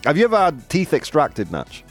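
Lively, playful male morning-show host. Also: normal speed, faint music behind. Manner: playful, chatty, swings pitch for emphasis. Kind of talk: casual bilingual chat show hosting.

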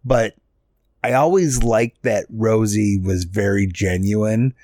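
A man's voice: fairly low pitch, takes it slowly, a little mellow, no room sound. A man chatting casually, blunt and opinionated, swearing freely. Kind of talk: casual chat.

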